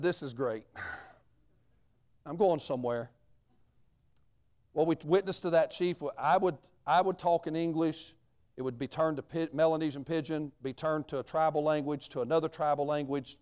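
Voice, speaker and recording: A man's voice: fairly high pitch, fairly even intonation, moderate pace, a little mellow. A man, a missionary preacher telling his story in a sermon in a folksy, plain-spoken way.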